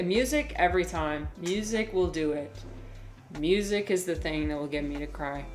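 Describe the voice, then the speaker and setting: On a livestream, a woman with a lowish voice reads the chat aloud at a moderate pace. She's animated and casual, swearing freely, laughing often and filling her speech with fillers.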